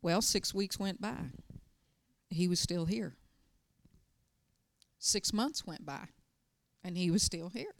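Pausing often, a middle-aged woman pastor works personal stories into her sermon, delivering them in emphatic, urgent bursts. Her voice is fairly low and gravelly, and she speaks at a slow pace.

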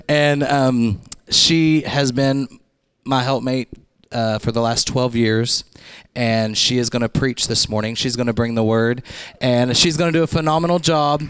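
A man introducing the preacher in church, fond and halting. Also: medium pitch, a bit bright, smooth, no room sound. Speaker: pastor introducing the speaker.

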